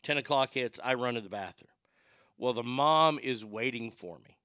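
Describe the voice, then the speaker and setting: Bright, crisp-voiced male radio host. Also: medium pitch, normal speed, no echo. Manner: rambling, profane, darkly humorous. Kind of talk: casual storytelling monologue.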